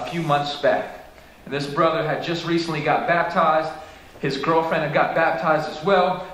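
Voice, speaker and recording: A man's voice: on the high side, fairly bright tone. A man pastor preaching a sermon with impassioned, rising exhortations. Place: church sanctuary. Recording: echoey church hall.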